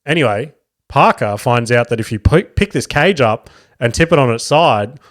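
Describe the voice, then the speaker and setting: Aussie guy in his 30s on a podcast mic, rambling and swearing through funny stories, mid-pitched voice. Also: animated, normal speed, a bit bright. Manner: rambling, heavy swearing, self-mocking. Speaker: podcast host. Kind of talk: casual comedic storytelling.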